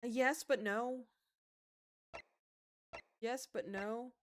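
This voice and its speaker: A young woman streaming a game, chatting casually, swinging from mumbles to excited outbursts, swearing and laughing as she tells stories. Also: fairly high pitch, extremely slow. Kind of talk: casual livestream chat while gaming.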